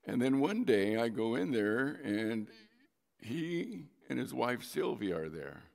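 A man's voice: medium pitch, big pitch swings, slow pace, creaky, darkish tone, long reverb tail. A man preaching a sermon as a pastor, telling a personal story with emphasis and drawing out key words.

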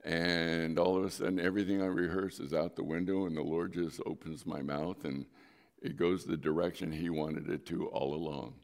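A middle-aged man preaching a sermon, his lowish voice carrying a gravelly edge. He talks like he's telling stories to friends, then suddenly pushes his voice up for emphasis. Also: fairly even intonation, moderate pace. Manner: conversational storytelling with sudden emphatic rises. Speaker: pastor.

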